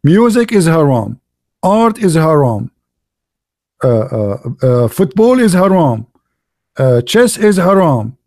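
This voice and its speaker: Male host, mocking polemical monologue, repeats words for emphasis, fairly high voice, dry room. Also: very animated, slow pace, pauses often, darkish tone, dry recording. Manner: mocking, with rhetorical questions. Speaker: channel host.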